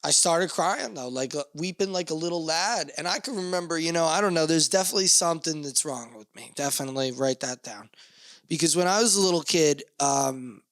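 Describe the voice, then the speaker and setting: Slightly high rambling young man. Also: animated, brisk, a bit bright, no echo. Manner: rambling, profane, joking, self-mocking. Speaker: podcast host. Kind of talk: casual podcast monologue.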